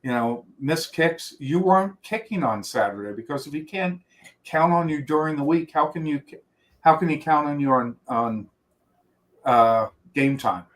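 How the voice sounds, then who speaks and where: A man's voice: a little high, moderate pace. Rambling middle-aged man telling stories. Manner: rambling storyteller with many restarts and quoted voices. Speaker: guest. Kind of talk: reminiscing interview talk.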